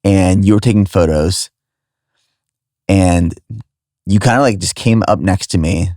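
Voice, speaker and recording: Deep-voiced man hosting a relaxed podcast. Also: unhurried, no room sound, clean studio sound. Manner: reflective, asks short questions. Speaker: podcast host. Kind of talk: casual conversation.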